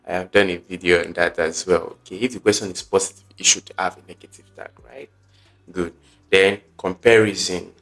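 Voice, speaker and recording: Deep-voiced man teaching exam prep. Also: steady tone, normal speed, gravelly, a bit bright. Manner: chatty teacher, peppers talk with okay and right; emphatic, repeats key points. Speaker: exam tutor. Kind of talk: online exam-prep lesson.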